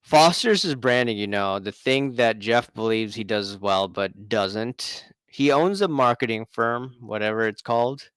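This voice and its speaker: A man's voice: on the low side, unhurried, few pauses, fairly bright tone, clean tone, no echo. A man hosting a casual live stream, chatting and reading out viewer comments in a rambling way.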